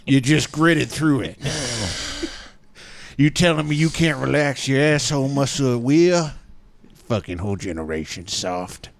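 A man putting on the voice of a gruff old cowboy complaining about a soft generation, crude and drawling. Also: mid-range voice, expressive, unhurried, long pauses. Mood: grumbling.

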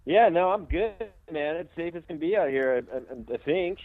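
A man calling in to a podcast, talking in a relaxed, rambling way. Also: fairly high pitch, normal speed, no echo. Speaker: caller. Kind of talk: casual chat over a call. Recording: phone-line call.

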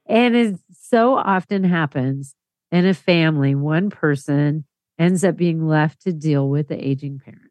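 A woman's voice: low-pitched, a little mellow, no room sound. A woman co-host chatting engagedly about a story she heard. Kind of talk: casual discussion.

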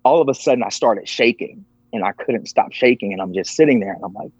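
A man's voice: mid-range voice, animated, quick pace, a little mellow, slightly rough, dry recording. A man sharing a personal story as a podcast guest, earnest and emotional. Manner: earnest, emotional, acts out quoted voices. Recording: dull lo-fi, dry.

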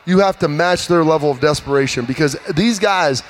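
A man in his thirties, a former player, telling stories in an animated, emphatic way during a casual sports chat. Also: a little high, fairly quick, a little hiss or hum.

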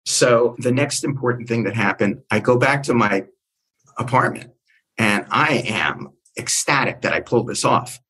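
An older man from New Jersey with a husky voice, telling animated stories as a guest and acting out the people in them. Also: moderate pace, poor audio. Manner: acts out quoted voices with big pitch jumps. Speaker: guest storyteller. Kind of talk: animated anecdotal storytelling.

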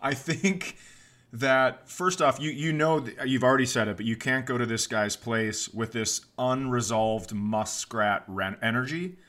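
A man co-hosting a comedy podcast in loose, joking chat, with a bright, forceful voice at a middle pitch. He riffs playfully and tends to jump into mock voices mid-story. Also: unhurried.

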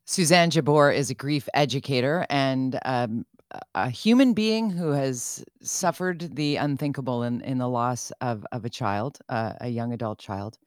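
Low-voiced woman radio host, dry studio. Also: no echo. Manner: candid, chatty, quick to laugh. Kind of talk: talk radio interview.

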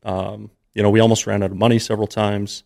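A man's voice: lowish voice, flat delivery, quick pace, gravelly, darkish tone. A man in his thirties, a podcast guest, telling a personal story in an earnest, emotional, conversational way.

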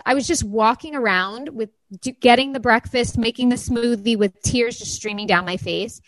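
A woman in her thirties speaks earnestly and openly on a podcast, sometimes near tears. Her voice is a little higher than average. The sound is dry and close. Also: normal speed, fairly bright tone, dry recording, low-quality recording. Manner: earnest, emotional and confiding. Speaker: podcast co-host. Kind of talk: casual chat.

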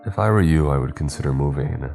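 A man voicing a calm, grave male priest who speaks in a measured, solemn way. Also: rumbling low, gravelly, soft background music.

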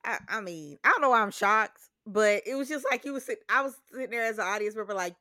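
A woman's voice: medium pitch, animated, fast, hardly any pauses, sharp tone, no echo, studio quality. A young woman co-hosting a podcast, talking emphatically about a TV series and often quoting her own reactions. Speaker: podcast co-host. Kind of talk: casual chat.

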